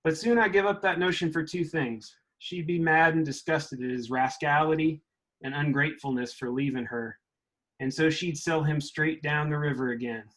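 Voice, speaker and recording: A man's voice: fairly high pitch, fairly even intonation, moderate pace, a bit bright, rough recording. A man reading aloud as a young Southern boy wrestling with his conscience, in a mid-Southern US accent, with plain, earnest storytelling. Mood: troubled.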